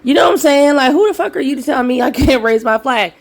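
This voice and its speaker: A woman's voice: high voice, fast, vocal fry. A woman from the United States with an African American English accent, hosting her own commentary channel and ranting in a heated, emphatic, profane way. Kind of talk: solo commentary rant.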